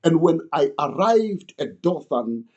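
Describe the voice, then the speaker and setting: A man's voice: a little high, big pitch swings, takes it slowly, a little mellow, lo-fi sound. A young man earnestly retelling an old story in the first person, as if he lived it.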